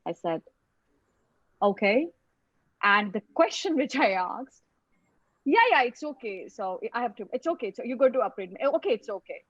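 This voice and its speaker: In a web lecture heard over a video call microphone, a woman tells her own story, halting and repeating words as she goes. Her voice is a little high with lively intonation, and the lo-fi sound has no room sound.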